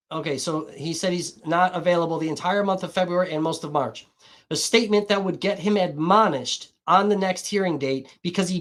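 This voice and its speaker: A woman live streaming, swearing constantly in an irritated, combative rant. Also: fairly low pitch. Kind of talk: livestream rant.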